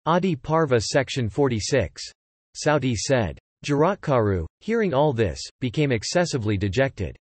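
A man narrating an ancient epic, reading the archaic text in a measured, formal way. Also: mid-range voice, very animated, slightly rough, no echo.

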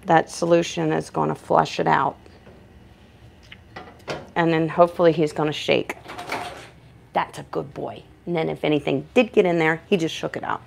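A woman's voice: deep voice, steady tone, normal speed, creaky, pauses often, a little hiss or hum. A woman who works as a professional dog groomer, giving a chatty grooming demonstration indoors in her shop and talking both to the dog and to viewers.

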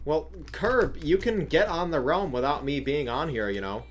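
A livestreamer chatting casually while playing, reacting out loud, swearing and talking to viewers and teammates. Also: medium pitch. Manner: reacting aloud, swearing, quick laughs. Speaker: livestreamer playing a block-building game. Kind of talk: casual live gameplay chat.

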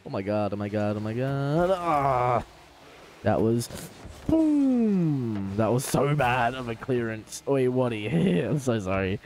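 A man with an Australian accent streaming a car-ball game live, talking to chat and trash-talking opponents in excitable banter. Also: mid-range voice, slow, a little hiss or hum. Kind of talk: live gaming commentary.

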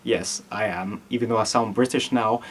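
A young Italian vlogger with a slight accent tells a story to his camera in a husky, lowish voice at a moderate pace. His intonation stays fairly even, but he's giggly and keeps breaking into laughter.

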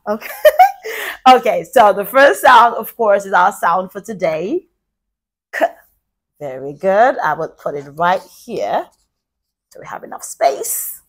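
Lively sing-song woman teaching phonics. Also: mid-range voice. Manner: cheerful, sing-song praise to young learners; slow, drawn-out letter sounds. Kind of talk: children's phonics lesson.

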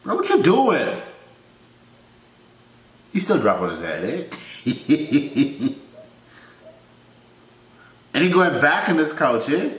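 A man hosting a reaction video in casual commentary, breaking into loud startled exclamations and laughter between wry remarks. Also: on the high side, big pitch swings, slow, long pauses. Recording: roomy echo with faint ambience.

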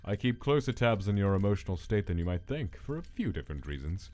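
Man voicing a calm clinical observer. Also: fairly low pitch. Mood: measured. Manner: measured, formal, analytical. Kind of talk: comic fan dub. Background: background music.

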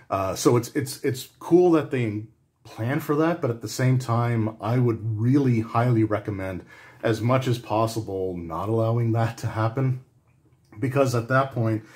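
A man's voice: fairly low pitch, a little mellow. A man giving a casual spoken review of a tabletop game book, talking loosely with frequent restarts and fillers. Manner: conversational, rambling with frequent restarts and "like".

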